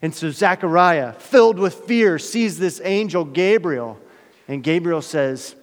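A male pastor preaching a sermon in a dramatic way, swinging from loud emphasis to hushed asides. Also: a little high, expressive, a little slow. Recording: long hall reverb.

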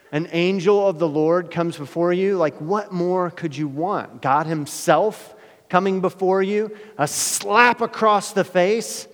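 A male pastor preaching a sermon in a dramatic way, swinging from loud emphasis to hushed asides. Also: a little high, lively intonation, a little slow. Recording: long hall reverb.

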